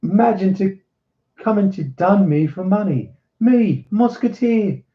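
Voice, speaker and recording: A man's voice: high voice, lively intonation, a little slow, roomy sound, lo-fi sound, pitched above the performer's own voice. A man voicing a bold, cunning young swordsman who talks in a raised, emphatic, commanding way. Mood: mocking.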